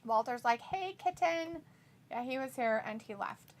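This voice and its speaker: A woman's voice: a little high, little pitch movement, brisk, a little hiss or hum. An American woman co-hosting a wrestling watch-along stream, chatting casually, giggling often and reading viewer comments aloud in playful voices.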